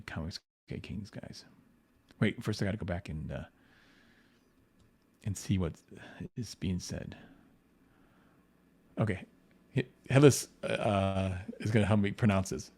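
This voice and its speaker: A man with a fairly low voice, chatting loosely as he paints comic art on a livestream. He rambles, restarts his sentences and leans on "you know" over and over. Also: a little mellow. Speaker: comic book artist. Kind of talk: casual livestream chat while painting.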